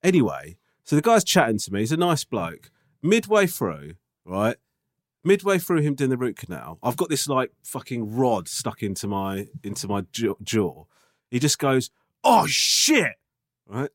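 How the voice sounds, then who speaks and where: A man, a podcast co-host, telling an anecdote in casual chat, animated and swearing, checking in with "right?". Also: medium pitch, moderate pace, dry recording, studio quality.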